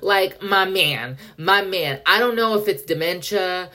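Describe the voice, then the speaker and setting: A woman's voice: mid-range voice, a little slow. Foul-mouthed woman ranting through a story. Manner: profane, animated, dramatic retelling; heavy slang, filler 'like'. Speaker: podcast host. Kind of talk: casual storytelling rant.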